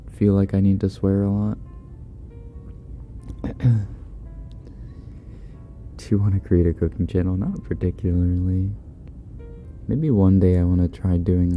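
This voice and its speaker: A man hosting a livestream in a soft-spoken, laid-back way, reading chat messages and chuckling often. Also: low voice. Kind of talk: casual live chat.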